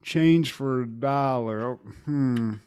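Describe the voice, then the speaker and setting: A man putting on the voice of a dazed, slow-witted male store clerk who trails off vacantly. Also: medium pitch, a little mellow, clear, resonant tone, voice pushed down, close to an everyday voice.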